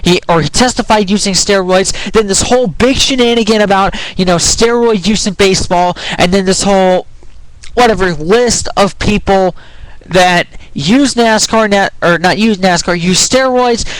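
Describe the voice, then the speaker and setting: A young man with a high voice, speaking at normal speed, delivers a frustrated, rambling rant in his opinion vlog. Swearing while he argues, he restarts sentences and his voice breaks as it rises, in a rough recording with no room sound.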